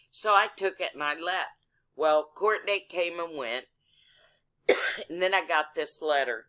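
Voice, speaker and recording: A woman's voice: low voice, a little slow, pauses often, sharp tone. A woman telling a story in casual chat, blunt and profane in manner.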